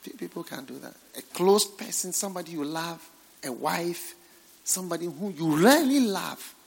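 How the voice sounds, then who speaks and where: A male preacher giving a revival sermon in a fairly high voice. He drops to near whispers, then bursts into shouts, and he hammers his points home through repetition. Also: lively intonation, moderate pace, creaky, breathy edge. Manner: dramatic swings between hushed and shouted lines; repeats phrases for emphasis.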